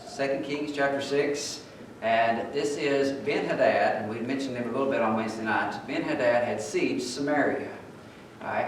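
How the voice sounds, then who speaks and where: A male pastor preaching a sermon, telling a story and getting louder and higher as he retells its scenes. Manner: storytelling, rising loud and high when retelling scenes. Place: church sanctuary. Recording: echoey church hall, mic far off, faint noise.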